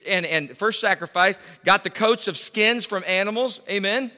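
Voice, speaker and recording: A middle-aged man preaching a sermon as pastor, emphatic, swinging from loud to hushed. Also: high voice, normal speed, big-room sound. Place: church.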